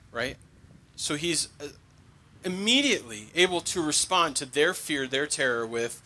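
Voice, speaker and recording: Bright-voiced man preaching a casual sermon. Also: on the high side, lively intonation, unhurried. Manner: conversational, joking asides with the congregation. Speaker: pastor.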